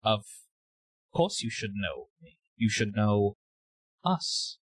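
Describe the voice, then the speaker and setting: A man voicing an eerie, faceless male alien entity who speaks in slow, cryptic phrases. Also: fairly low pitch, sing-song, husky, dry recording, heavily acted. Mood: probing.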